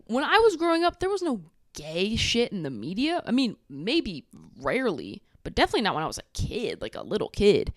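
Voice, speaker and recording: A woman's voice: mid-range voice, wildly swooping pitch, a little fast, no echo, studio quality. A woman hosting her own channel, giving a blunt, profane, sassy recap of a reality show. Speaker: YouTube recap host.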